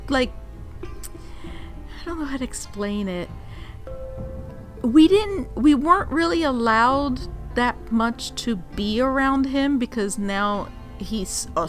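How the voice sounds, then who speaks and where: Woman, from Puerto Rico, vlogger, very expressive pitch, laughs a lot, casual storytelling. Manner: animated, laughing often, acts out quotes.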